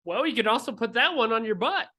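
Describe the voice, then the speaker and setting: A man co-hosting a casual gaming podcast, gushing and joking with excitement. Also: very high-pitched, fast. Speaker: podcast co-host.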